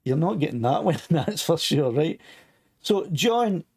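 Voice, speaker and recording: Older Scottish host with a touch of throat trouble; rambling, chatty, reading out comments. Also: male voice, fairly high pitch, expressive, a little slow, a little mellow, slightly rough. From Scotland. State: a bit of a sore throat. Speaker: live stream host. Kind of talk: casual live stream chat.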